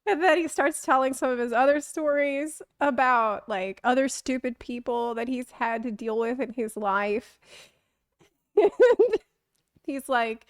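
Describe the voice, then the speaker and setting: High-voiced woman streamer telling a funny story. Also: unhurried, dry recording, clean studio sound. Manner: animated, laughs often, acts out quotes. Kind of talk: casual storytelling on a live stream.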